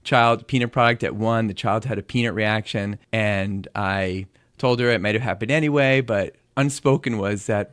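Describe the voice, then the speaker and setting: A man's voice: on the low side, moderate pace, fairly bright tone, dry recording. Chatty man walking through study numbers. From United States. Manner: explains study figures at length, dry jokes. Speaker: podcast co-host, pediatrician. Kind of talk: casual chat about medical research.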